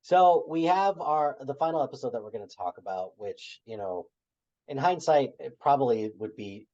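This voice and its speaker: A man co-hosting a podcast in casual chat, retelling scenes and trailing off softly at the ends of his thoughts. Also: mid-range voice, lively intonation, moderate pace, muffled recording. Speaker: podcast co-host.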